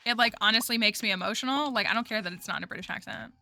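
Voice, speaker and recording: Bright-voiced woman rambling with "like". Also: fairly high pitch, rapid-fire, vocal fry. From United States. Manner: rambling, heavy use of "like" fillers. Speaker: gaming streamer. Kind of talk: casual chat while playing a game. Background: game music.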